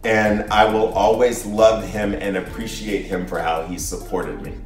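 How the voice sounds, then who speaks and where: The host's father, a middle-aged man with a low voice, shares a personal story as a guest in casual conversation. He speaks earnestly and reflectively at a measured pace and level tone, often restarting his sentences. He's off-mic and distant in an echoey room, with faint music in the background.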